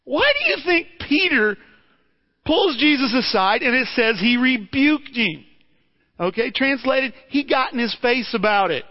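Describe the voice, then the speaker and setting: A man's voice: very high-pitched, sing-song, a little slow, dull audio. A man preaching a sermon in a conversational way, asking his listeners rhetorical questions and often repeating words as he restarts.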